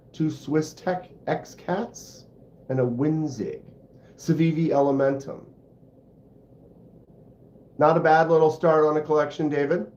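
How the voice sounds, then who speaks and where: Slow rambly guy chatting on a livestream, kinda self-deprecating, echoey room. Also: on the high side, a little mellow. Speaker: host of a knife channel livestream. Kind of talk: casual livestream chat. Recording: roomy, slightly dull sound.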